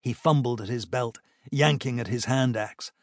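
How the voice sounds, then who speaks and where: A man narrating a fantasy battle audiobook in a measured, even storytelling manner. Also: mid-range voice, no room sound, studio quality.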